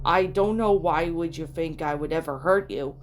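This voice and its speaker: Woman doing a distraught dad, raised, tearful, pleading, voice pitched up and louder than her narration. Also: moderate pace, slight background noise, close to an everyday voice. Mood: soothing. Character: grieving protective father, grown man.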